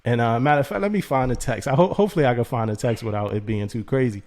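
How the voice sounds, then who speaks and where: A man in casual podcast chat, spinning a story with lots of energy. He acts out both sides of a text exchange and breaks into laughter often. His voice sits at an ordinary middle pitch. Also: racing, a little mellow. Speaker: podcast co-host.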